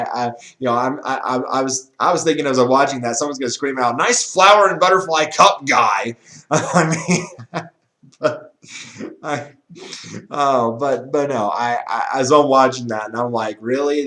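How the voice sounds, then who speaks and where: Rambling, laughing fantasy football host. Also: male voice, mid-range voice, fairly bright tone. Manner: rambling, repeats words, laughs often. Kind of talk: casual monologue.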